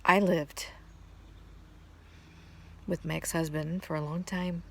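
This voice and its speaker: A woman's voice: lowish voice, fairly even intonation, takes it slowly, vocal fry, a bit bright. A middle-aged woman casually telling a personal story, rambling and restarting her sentences, heartfelt and close to tears at times. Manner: rambling, restarts sentences, laughs between thoughts. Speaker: vlogger.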